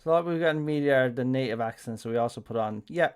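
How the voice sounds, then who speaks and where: A man's voice: medium pitch, quick pace, clear, resonant tone. An Irish man giving casual live-stream commentary on a game, rambling with lots of fillers and self-corrections. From Ireland.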